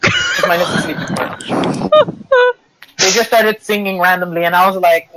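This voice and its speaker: A man's voice: high-pitched, moderate pace, pauses often, a little hiss or hum, rough recording. A man telling a family story in a casual voice chat, swearing freely and laughing as he goes. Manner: animated storytelling, swears a lot, laughs often.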